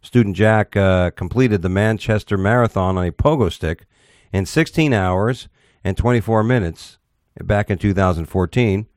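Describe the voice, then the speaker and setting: Male talk host, low voice, dry close sound, blunt and profane, reads news with stumbles. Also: normal speed, darkish tone, no echo. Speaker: show host reading news stories. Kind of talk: casual talk-show banter.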